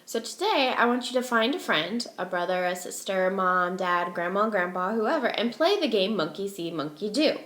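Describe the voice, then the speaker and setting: Expressive woman teacher reading aloud. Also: medium pitch. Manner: expressive, slow, asks listeners questions. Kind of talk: reading a storybook aloud to young children. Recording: echoey room.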